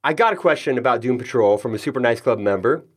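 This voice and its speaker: A man's voice: mid-range voice, lively intonation, quick pace, breathy edge. Jokey male podcast host. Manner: friendly, jokey, self-deprecating asides. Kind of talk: casual interview chat.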